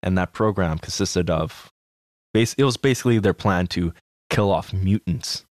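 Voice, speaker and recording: A man's voice: deep voice, moderate pace, a little mellow, no echo, clean studio sound. A man co-hosting a casual podcast, talking laid-back and swearing freely. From Canada. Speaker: podcast co-host. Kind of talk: casual news chat.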